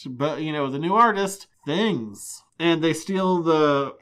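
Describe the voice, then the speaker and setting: A man's voice: fairly high pitch, slow pace, a bit bright. A man co-hosting a podcast, recapping comics in casual chat with wry, sarcastic asides. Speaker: podcast co-host.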